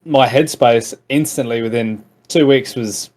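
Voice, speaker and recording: A male podcast host talks in a relaxed, reflective way, agreeing readily and adding his own thoughts. His voice sits at a middling pitch for a man. The delivery is casual and unforced. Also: unhurried. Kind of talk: casual chat.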